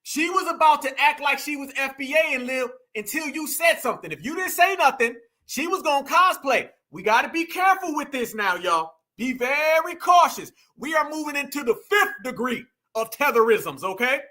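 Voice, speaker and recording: A man's voice: very high-pitched, lively intonation, normal speed, hardly any pauses, sharp tone. A man hosting a reaction commentary, addressing viewers as "y'all" and "family" and repeating phrases for emphasis. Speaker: commentary host.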